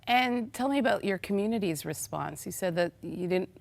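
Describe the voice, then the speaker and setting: A woman hosting a faith talk show, guiding her guest with gentle prompts and soft affirmations. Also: medium pitch, expressive, moderate pace, vocal fry.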